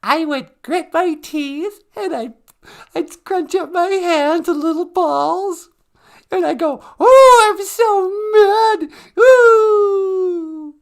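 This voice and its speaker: A woman chatting playfully beside her partner on a live stream, with a giggly, high way of talking. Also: extremely slow. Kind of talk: casual live-stream chat.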